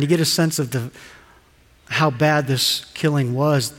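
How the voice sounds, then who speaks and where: A male pastor preaching a sermon with animated delivery, asking rhetorical questions and acting out quoted lines. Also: fairly high pitch, measured pace. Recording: reverberant hall.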